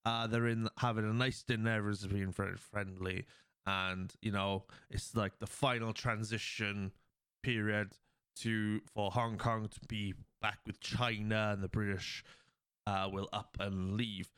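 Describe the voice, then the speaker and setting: Brief: male podcast host, casual rambling plot recap, smooth clear voice, dry close sound. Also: on the low side, little pitch movement, unhurried, fairly bright tone, dry recording. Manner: rambling, heavy with fillers; acts out quoted lines.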